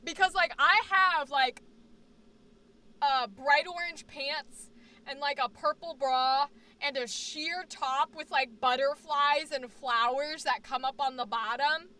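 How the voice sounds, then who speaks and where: A woman's voice: high-pitched, takes it slowly. A woman streamer and actor chatting casually and rambling jokily to her viewers. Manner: animated, rambling, jokey. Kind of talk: casual live-stream chat.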